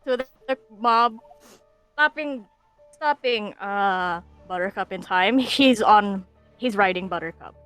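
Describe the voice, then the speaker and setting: A woman narrating a tabletop game as game master, lively and quick to laugh. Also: mid-range voice, clean tone, dry recording, soft background music. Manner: lively, laughs often, thinks aloud.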